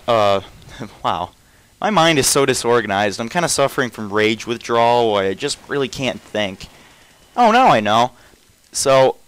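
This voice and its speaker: A young man provides rambling gameplay commentary, frequently breaking off, restarting his thoughts, and trailing off. His medium-pitched voice is clear, resonant, and a bit bright, captured in a dry, rough recording.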